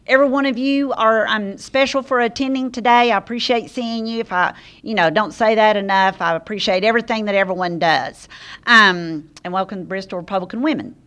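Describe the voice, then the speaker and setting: A woman's voice: medium pitch, brisk, a bit bright. A woman opening a club meeting with hesitant, friendly remarks full of ums. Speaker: meeting chair. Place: meeting room.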